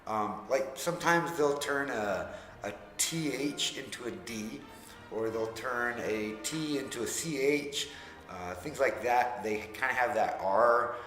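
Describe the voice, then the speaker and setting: A man's voice: medium pitch, measured pace, faint music behind. Laid-back man vlogging in an echoey room. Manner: relaxed, self-deprecating, laughs often. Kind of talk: casual chat to camera. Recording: echoey room with long reverb.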